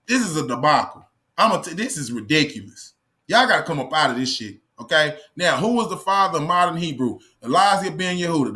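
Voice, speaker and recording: A man's voice: high voice, sharp tone. A man hosting his own channel, giving heated, profane commentary full of rhetorical questions while reading aloud from a screen. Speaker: channel host.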